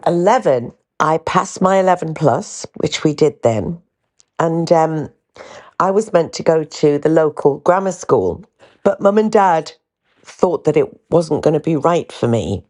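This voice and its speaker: A woman's voice: low voice, animated, measured pace, darkish tone. A middle-aged woman hosting a podcast. She tells stories in a candid, rambling way with asides. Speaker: podcast host. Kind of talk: casual storytelling chat.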